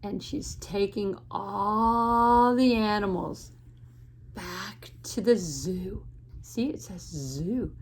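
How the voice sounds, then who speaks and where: A woman teacher reading a picture book aloud to children in a gentle way, pausing to ask the listener questions. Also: mid-range voice. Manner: gentle, asks the listener questions, laughs often.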